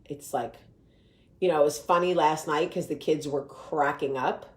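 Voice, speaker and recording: Low-voiced, chatty woman host. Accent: New Jersey. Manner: animated, chatty, swears freely, laughs at own stories. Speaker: show host. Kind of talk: casual storytelling chat.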